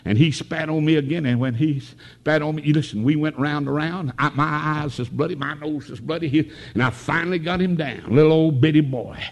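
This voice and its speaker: An older man from the North Carolina mountains with an Appalachian accent, preaching a revival sermon with folksy stories that rise into shouted praise. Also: fairly high pitch, a little fast.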